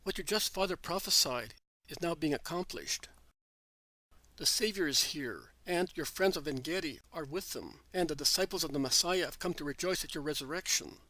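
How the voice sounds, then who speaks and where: A man's voice: fairly high pitch, moderate pace, pushed and bright, no room sound, rough recording. Solemn, consoling male teacher figure in a spoken storybook, as a male reader puts him on. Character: gentle, authoritative male healer and teacher.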